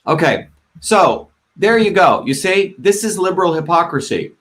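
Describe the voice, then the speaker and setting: A middle-aged man hosts a livestream in a fairly high voice. He talks emphatically and combatively, hammering the same points again and again and swearing when he gets worked up. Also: big pitch swings, moderate pace, fairly bright tone. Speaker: host of a live online show. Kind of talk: live-stream monologue.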